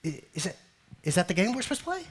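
A male pastor preaching a sermon, animated, often acting out a complaining believer and calling the congregation family. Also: sits high, rapid-fire, husky. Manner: addresses congregation as family and beloved.

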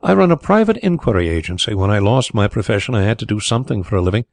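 A man's voice: lowish voice, very animated, fast, vocal fry, a little mellow, no echo. A man reading the part of an outspoken former solicitor who now runs a private inquiry agency. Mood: blunt. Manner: blunt, sometimes hot-tempered. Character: brisk, outspoken former lawyer turned inquiry agent. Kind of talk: audiobook character reading.

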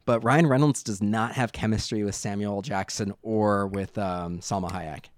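A man co-hosting a podcast, chatting casually about shows and films in a rambling, animated way with many restarts. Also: on the low side, normal speed, no room sound. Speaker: podcast co-host. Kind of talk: casual movie chat.

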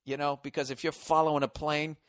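A man's voice: a little high, little pitch movement, fairly quick, a bit bright. A man in his forties hosting a show, riffing through a profane comedic rant. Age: 40s.

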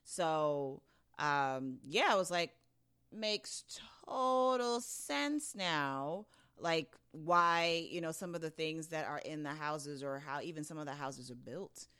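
A woman's voice: low-pitched, a little slow, clean tone. A young woman from Brooklyn, telling stories in casual chat and acting out the people she quotes. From Brooklyn, New York. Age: young adult. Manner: animated storyteller, acts out quoted voices, casual swearing.

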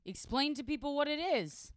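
A woman's voice: high voice, animated, moderate pace, no echo. A woman co-hosting a comedy podcast, teasing and mock-indignant in casual chat close to the mic. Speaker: podcast co-host.

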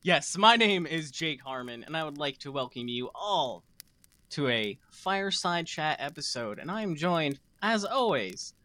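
Jokey podcast host guy, kinda high voice, bright and punchy. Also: big pitch swings, a little slow. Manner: playful, jokey. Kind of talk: casual chat.

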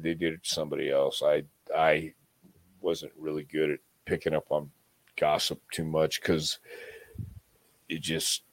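A man's voice: deep voice, no echo. A man as an interview guest, telling stories in a rambling way with many restarts and acted-out quotes. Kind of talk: casual storytelling interview.

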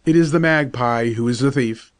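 A man's voice: mid-range voice, normal speed, natural voice. A man reading aloud and voicing a courteous, mildly teasing father in a storybook tale. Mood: sure. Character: genial, amused gentleman father.

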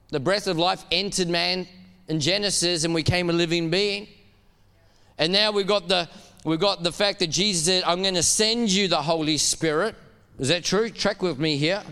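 A man preaching a sermon in a church, animated and laughing as he urges the congregation to call back to him. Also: high voice, clear, resonant tone, long reverb tail. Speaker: pastor.

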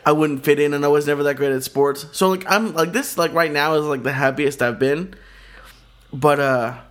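Hesitant man with a slightly high voice. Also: moderate pace, a bit bright. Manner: hesitant, many fillers and restarts. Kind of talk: casual chat.

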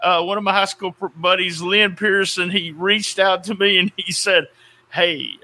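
High bright-voiced male podcast host. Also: steady tone, normal speed. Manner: rambling, lots of fillers and restarts. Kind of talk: casual podcast chat with ad read.

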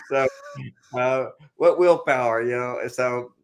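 Guesting on a podcast, a man with a mid-range voice tells a personal story at a slow pace. He's animated and laughs a lot, acting out quotes in a raised voice.

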